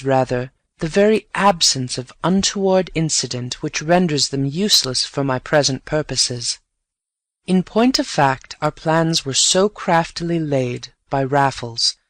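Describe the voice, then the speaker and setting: Guy reading a story aloud, calm measured pace, slightly high voice, super dry recording. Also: dry recording. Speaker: audiobook narrator. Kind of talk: scripted story narration for learners.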